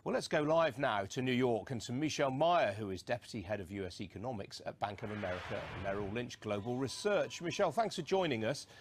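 A man's voice: mid-range voice, expressive, a little fast, few pauses, noisy background. A man anchoring a live news broadcast in a formal manner, handing over to a guest.

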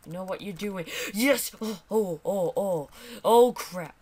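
A man's voice: high voice, takes it slowly, few pauses. A man doing let's play commentary, frustrated and exclaiming as he keeps failing a level. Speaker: gamer.

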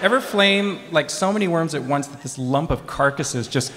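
A man co-hosting a scripted comedy act on stage, with a dry, deadpan delivery. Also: fairly high pitch, moderate pace. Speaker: comedy co-host, professor. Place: large lecture hall with live audience. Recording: echoey hall with noise.

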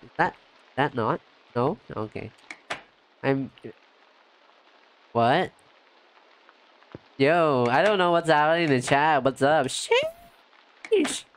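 Chill guy streamer playing a game, slow drawly talk, yelps up high to greet chat, light rain noise behind. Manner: chatty and excitable, lots of "yo" and "like"; jumps up in pitch when greeting chat. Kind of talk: casual let's-play commentary.

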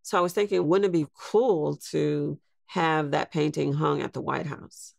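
A woman in her sixties, a podcast guest telling a personal story in a slow, reflective way. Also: low voice, fairly even intonation, creaky, a little mellow, dry recording, studio quality. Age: 60s. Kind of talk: storytelling interview.

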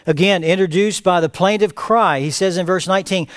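A man preaching a verse-by-verse sermon as pastor, reading scripture aloud with rising emphatic cries and then dropping to quiet asides. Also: high-pitched, brisk, few pauses. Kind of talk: expository sermon. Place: church sanctuary.

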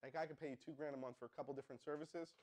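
A young man hosting a hyped live-stream marketing pitch, calling out to viewers and asking the chat to respond. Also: steady tone, racing, darkish tone. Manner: pumped-up, addresses viewers as guys, asks the chat to respond. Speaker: livestream host.

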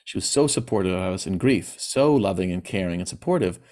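A man's voice: low voice, expressive, fairly quick, a little mellow. A man giving a personal talk on grief, speaking candidly and plainly, with hesitant restarts. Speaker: presenter.

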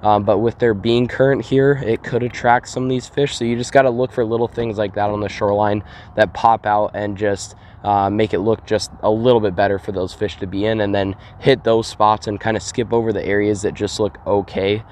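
A young man casually explaining his fishing on a lake shore, getting excitable when a fish bites. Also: lowish voice, brisk, slight background noise. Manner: excitable, exclaims often while fighting fish. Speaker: fishing vlogger. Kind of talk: casual outdoor vlog commentary.

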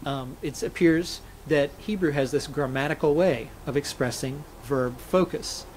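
A man's voice: a little high, unhurried, a little mellow, slight background noise, low-quality recording. A man, a scholar and interview guest, explaining grammar methodically and illustrating points with spoken examples.

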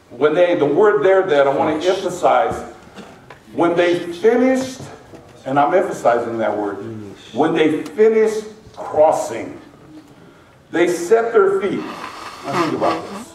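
A man preaching as pastor to his congregation, lively and joking with the people in the pews. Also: fairly high pitch, slight background noise. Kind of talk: sermon. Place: large church sanctuary. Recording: echoey church from a distance.

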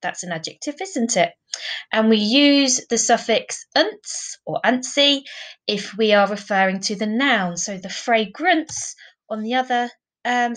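A woman teaching a primary school class in a recorded online lesson, speaking clearly and patiently, often adding tag questions. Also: fairly high pitch, a bit bright, rough recording.

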